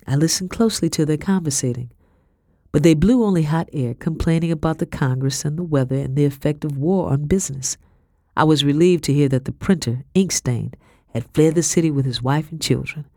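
A woman narrating an audiobook in a measured, expressive reading style. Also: rumbling low, creaky, dry recording. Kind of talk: scripted narration. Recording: dry close audiobook recording.

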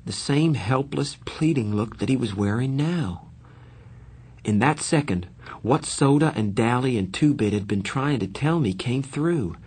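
A man reading a story aloud in first person, in an even storytelling manner with light character voices. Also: mid-range voice, a little slow, slightly rough. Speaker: audiobook reader. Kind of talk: scripted narration.

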